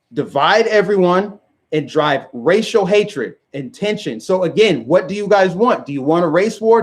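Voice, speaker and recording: Brief: emphatic male commentator, high voice, hammers rhetorical questions. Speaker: video commentator. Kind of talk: direct-to-camera rant.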